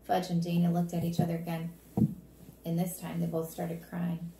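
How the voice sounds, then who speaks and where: A woman narrating a children's storybook aloud in a steady, plain manner. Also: on the low side, normal speed, gravelly, slight background noise. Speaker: reader. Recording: roomy echo.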